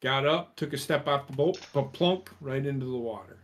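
A man co-hosting a casual podcast, telling an old joke with animated delivery and laughing at his own punchlines. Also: medium pitch, moderate pace. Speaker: podcast co-host.

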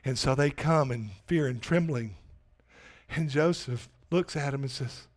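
A man's voice: medium pitch, a little slow. A man pastor delivering a sermon in emphatic preaching that swells on repeated questions.

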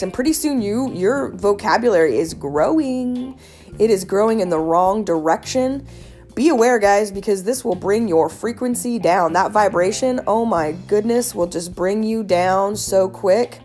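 A woman giving casual wellness advice in an earnest, animated, chatty way, with many fillers. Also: mid-range voice, a little slow, faint music behind. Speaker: wellness speaker.

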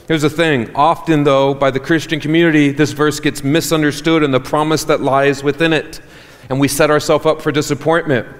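A man preaching a sermon as pastor, animated and joking with the congregation. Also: a little high, fairly quick, hardly any pauses. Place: church hall. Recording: reverberant church hall.

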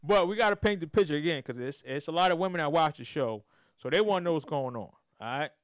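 A man co-hosting a casual sports podcast, animated and repeating himself as he trash-talks teams. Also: a little high, fast talker, no echo, studio quality. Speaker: podcast co-host.

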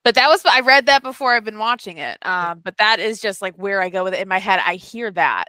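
A woman hosting a casual podcast chat over a video call, giggling often and filling pauses with "um". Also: mid-range voice, pushed and bright, dry recording. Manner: giggly, filler-heavy. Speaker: podcast host.

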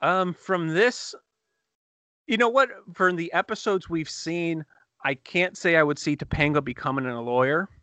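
A man co-hosting a casual podcast, excitedly retelling TV scenes with quick laughs and restarts. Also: on the high side, no room sound. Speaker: podcast co-host reviewing TV episodes. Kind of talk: casual chat.

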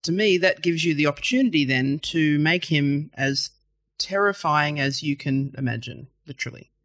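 A man co-hosting a casual film chat, animated and repeating words as he thinks. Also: fairly high pitch, moderate pace, dry recording, studio quality. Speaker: podcast co-host.

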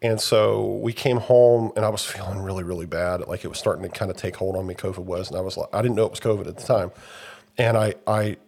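A young man co-hosting a podcast, a little hoarse as he gets over covid, telling rambling stories in a casual chat. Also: sits low, fast, slight background noise. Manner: rambling storyteller, animated when retelling events. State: recovering from covid, slightly hoarse. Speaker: podcast co-host.

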